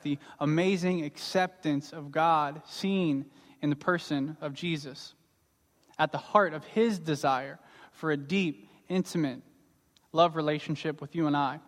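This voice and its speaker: A man's voice: fairly high pitch, steady tone, unhurried. A man preaching a sermon as pastor, earnest and emphatic, repeating his key words. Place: church sanctuary. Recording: long reverb of a large hall.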